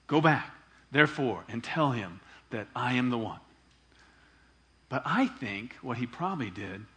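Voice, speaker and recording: A man preaching a sermon in a conversational, animated way, asking the congregation for responses and acting out quoted voices with big swings in pitch and loudness. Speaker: pastor.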